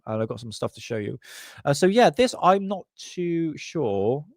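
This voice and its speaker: A man's voice: fairly high pitch, sing-song, moderate pace, no echo, studio quality. A man hosting a casual vlog, giving crude, joking commentary on paranormal photos and laughing often. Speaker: channel host.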